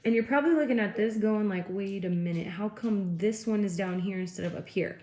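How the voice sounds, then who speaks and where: A woman's voice: medium pitch, a little fast, mellow. A woman teacher giving a classroom lecture, explaining step by step and checking in with frequent okays. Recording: echoey room, faint noise.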